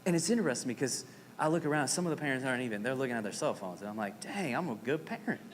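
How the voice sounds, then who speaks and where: A man in his thirties from Arizona, preaching a sermon as pastor with animated, dramatic storytelling and playful asides. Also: mid-range voice, racing. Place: church sanctuary. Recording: reverberant hall with faint noise.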